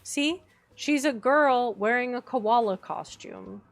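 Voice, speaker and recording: A woman's voice: on the high side, takes it slowly, gravelly. A woman streaming a game, chatting casually and gushing over her decorating, squealing when something looks cute.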